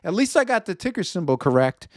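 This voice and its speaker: A man's voice: sits high, sing-song, quick pace, no echo, studio quality. A man from Chicago with a Chicago accent hosting an investment show, talking casually through market commentary and correcting himself as he goes. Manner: conversational, reads viewer feedback, self-correcting.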